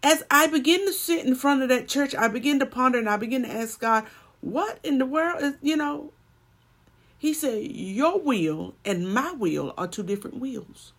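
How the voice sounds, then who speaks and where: A woman's voice: high-pitched, animated, normal speed, slightly rough. Woman preaching, rising to emphatic swells. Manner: storytelling sermon with swells of emphasis. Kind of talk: sermon.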